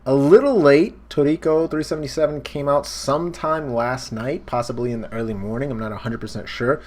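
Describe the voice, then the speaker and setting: A young man hosts a casual reaction video with a middle-pitched voice. He retells the action excitedly, throws in swearing and punchy sound effects, and talks into a desk mic. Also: fairly quick. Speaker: host. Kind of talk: casual manga reaction commentary.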